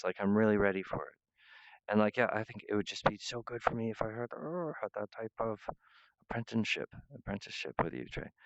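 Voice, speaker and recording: A man with a low, smooth voice delivers a rambling monologue straight to his viewers. He keeps apologizing and jumping between ideas. The sound is dry and close, with a dull, lo-fi quality. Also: no echo. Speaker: self-styled wizard pitching himself.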